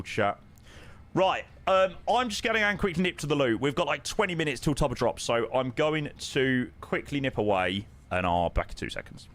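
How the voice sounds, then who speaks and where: A man talks casually to his viewers while streaming. His mid-pitched voice is lively, rising and falling freely, and he fills gaps with ums and a friendly "mate". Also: normal speed. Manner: chatty, answers viewers with lots of ums and "mate". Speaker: live streamer flying a flight simulator. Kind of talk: casual live-stream chat.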